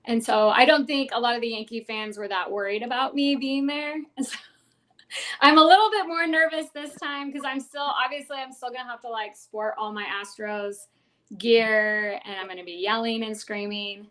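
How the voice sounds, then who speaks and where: A woman's voice: on the high side, steady tone, normal speed, a bit bright. A woman guest on a sports podcast, chatting casually and eagerly, laughing often between thoughts.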